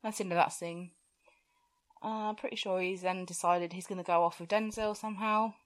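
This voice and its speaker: Woman, podcast co-host, casual giggly chat, swears, lowish voice. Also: steady tone, brisk. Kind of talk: casual film recap chat.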